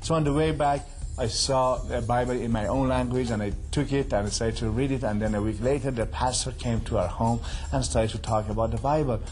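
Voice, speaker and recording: A man's voice: medium pitch, fairly even intonation, brisk, a little mellow. Earnest accented man sharing his testimony. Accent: Middle Eastern. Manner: earnest, non-native phrasing, retells dialogue. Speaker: guest giving a testimony. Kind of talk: personal testimony.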